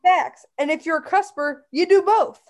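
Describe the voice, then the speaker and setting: A woman's voice: very high-pitched, normal speed. A woman in her twenties co-hosting a podcast, playful and emphatic, swearing freely in casual chat. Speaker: podcast co-host.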